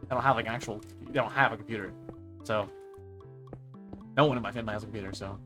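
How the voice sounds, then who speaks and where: A man's voice: on the low side, fast, music in the background. A young man streamer in casual chat, ranting in exasperation and swearing freely as he mimics the people he talks about.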